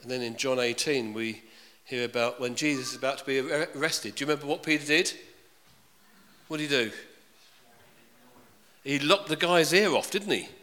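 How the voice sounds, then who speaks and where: A man's voice: medium pitch, normal speed, pauses often, sharp tone. A man preaching a sermon in a chatty way, often asking his congregation questions. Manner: conversational, asks the congregation questions. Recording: reverberant hall.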